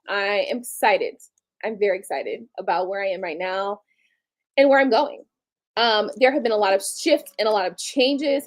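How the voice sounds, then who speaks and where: A woman in her late thirties hosting a casual live stream, talking bluntly and candidly with casual swearing. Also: on the high side. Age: late 30s. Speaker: livestream host.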